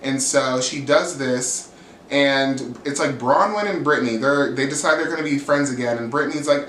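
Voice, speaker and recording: Animated gossipy man in an echoey room. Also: normal speed, a little hiss or hum. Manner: animated storytelling, jumps into high voices quoting the cast, laughs often; swears freely. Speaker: reality TV recap host. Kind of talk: casual gossipy recap.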